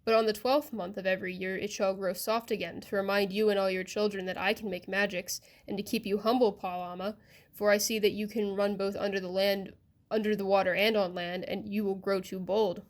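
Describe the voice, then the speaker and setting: A woman voicing a stern, ancient male magician in a storybook reading, speaking in a grave, measured way. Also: medium pitch, level tone, lightly acted.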